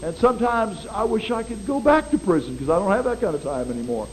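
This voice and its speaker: High-voiced folksy male preacher. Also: quick pace, slight background noise, poor audio. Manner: folksy, animated preaching with dramatic voice swings. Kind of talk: sermon.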